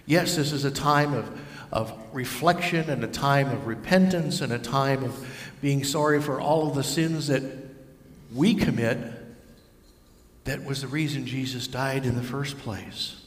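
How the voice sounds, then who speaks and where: A man preaching a sermon as pastor, telling the story in a lively storytelling way. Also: mid-range voice, unhurried. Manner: storytelling, varies voice for figures. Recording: echoey hall with long reverb.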